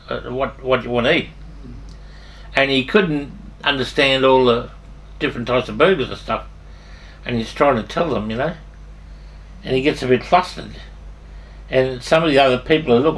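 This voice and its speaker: A man's voice: mid-range voice, a bit bright. An older man with an Australian accent telling rambling, salty stories from his past, swearing freely and often restarting his sentences. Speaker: storyteller. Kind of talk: rambling anecdotal storytelling.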